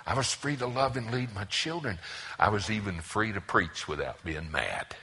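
A man preaching a sermon to his congregation as pastor, impassioned, swinging from loud emphasis to hushed whispers. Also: lowish voice, sing-song, moderate pace, husky. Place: church service before a congregation.

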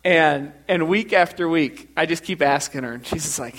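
A male pastor preaching a sermon in a church, telling stories in an animated way and repeating words as he builds up. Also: a little high, normal speed, hardly any pauses.

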